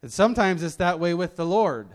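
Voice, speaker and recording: This middle-aged lay preacher from Memphis, Tennessee, has a high voice with lively intonation and a brisk pace. He preaches his sermon without a regional accent. The delivery is casual and self-deprecating, with many restarts.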